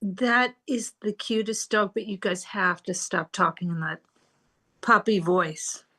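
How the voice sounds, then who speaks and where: A woman's voice: medium pitch, measured pace, bright, forceful tone, breathy edge. A woman performing in an improvised comedy scene, chatty and commenting on what the others do.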